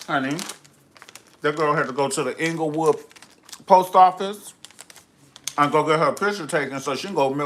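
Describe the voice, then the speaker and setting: A man's voice: a little high, fairly bright tone, slight background noise. A man hosting a live reality TV review, talking in a sassy, campy, gossipy way. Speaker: host of a live review show.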